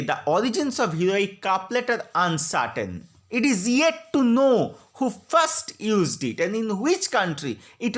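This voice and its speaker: A woman giving a slide lecture on poetry, slowly spelling out syllables and stresses. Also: mid-range voice. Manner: slow, deliberate, spelling out syllables. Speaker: literature lecturer.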